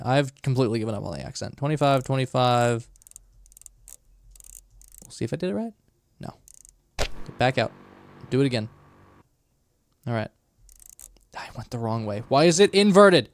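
A man's voice: medium pitch, animated, normal speed, gravelly, pauses often, no room sound, rough recording. A man streaming a horror game, giving chatty, self-mocking live commentary.

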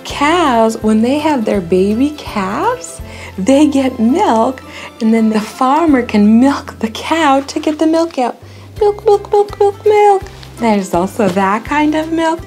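A woman with a high, very lively voice hosts a lesson for toddlers. She speaks slowly and clearly in an exaggerated, sing-song teacher manner. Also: soft background music. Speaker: children's show host.

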